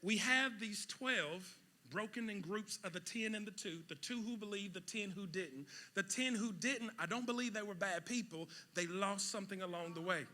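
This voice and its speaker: A pastor preaching a sermon, swinging between loud shouted peaks and quiet asides. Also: male voice, high voice, normal speed. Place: church sanctuary with congregation.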